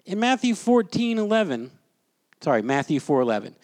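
A man's voice: high voice, big pitch swings, a little fast, a little mellow, dry recording. A man teaching a Bible class in a chatty, storytelling way, putting questions to his listeners. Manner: conversational, quizzes the class, storytelling.

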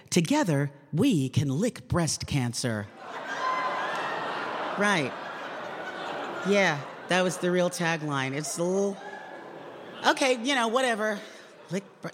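Wry woman telling stories in a hall. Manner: lively, wry, self-deprecating storyteller with sudden pitch jumps. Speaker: comedian and commentator giving a talk. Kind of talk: comic storytelling to a live audience. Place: large public hall. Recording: long reverb in a large hall.

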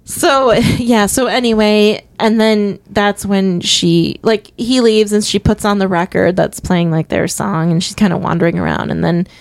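A woman's voice: mid-range voice, unhurried, vocal fry, few pauses, dry recording. A woman in casual conversation, animatedly recapping a film's scenes and acting out the characters' lines. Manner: animated, retells scenes with quoted voices. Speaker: podcast co-host. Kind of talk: casual movie discussion.

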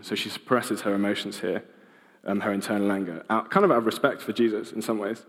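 Young male preacher, relaxed and halting delivery, lowish voice, long hall reverb. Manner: casual, hesitant, many ums and restarts. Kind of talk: informal sermon.

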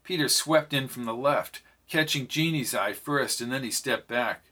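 A man's voice: medium pitch, normal speed, sharp tone. A man narrating a novel aloud, reading every character's lines in his own voice. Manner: reads all the characters' dialogue in his own voice. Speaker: audiobook narrator. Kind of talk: scripted narration.

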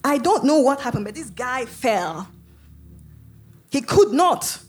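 A woman's voice: sits high, very animated, slow pace, breathy edge. A woman preacher telling her testimony in a sermon, dramatic and vivid, with sudden emphatic bursts. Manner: speaks in tongues.

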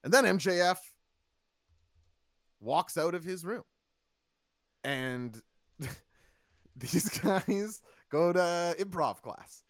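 Host, male, animated and sarcastic, fairly high voice with lots of swing, dry close mic. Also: very slow, pauses often, no room sound. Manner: animated, sarcastic, acts out quotes in funny voices. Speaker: podcast host reviewing wrestling. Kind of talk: casual chat.

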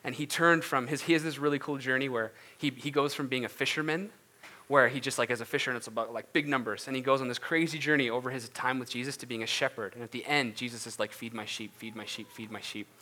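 A male pastor with a bright, forward voice gives an earnest, conversational sermon. He talks loosely, full of fillers and restarts, and moves into a prayer. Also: mid-range voice, quick pace. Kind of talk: casual sermon ending in prayer.

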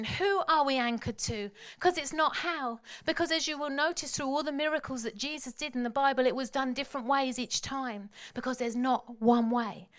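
High-voiced woman preaching. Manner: dramatic storytelling, swings from hushed to shouting. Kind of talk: sermon.

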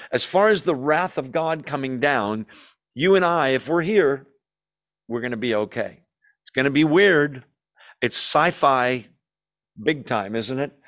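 A male pastor teaching through scripture in a relaxed, conversational sermon. His pitch sits in the middle for a man. He keeps turning to the congregation with questions and swings up and down in pitch as he makes his points. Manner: conversational, asks the audience questions, lively shifts in pitch. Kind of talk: verse-by-verse Bible teaching.

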